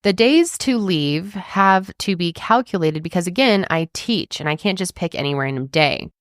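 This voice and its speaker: A chatty woman co-host with a lowish voice, reading a forum post aloud with lively emphasis. The sound is dry and close, with no room echo. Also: moderate pace. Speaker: podcast co-host.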